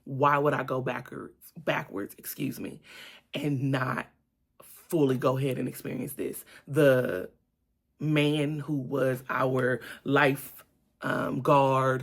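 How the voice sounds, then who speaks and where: A woman recounts a personal adventure as a lesson of faith. She speaks casually and with animation, addressing her viewers directly. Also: rumbling low. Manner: animated, addresses viewers as "y'all", laughs and exclaims often. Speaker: vlogger. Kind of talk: casual faith-based storytelling vlog.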